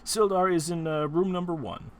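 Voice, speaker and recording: A man's voice: high voice, fairly even intonation, moderate pace, no room sound, voice pushed up, lightly acted. A man doing a rambling folksy innkeeper. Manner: rambling with many fillers. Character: male innkeeper, chatty and folksy.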